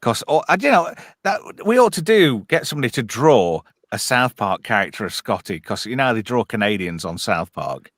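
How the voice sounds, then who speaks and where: Male host, sweary ranter, lively intonation. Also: mid-range voice, a little fast, hardly any pauses, dry recording, clean studio sound. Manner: blunt, sweary, ranting. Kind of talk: casual podcast chat.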